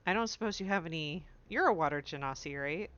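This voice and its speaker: A woman's voice: sits low, quick pace. Eager woman player on a dull line. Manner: eager, bursts of excitement and laughter. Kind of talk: casual tabletop game chat.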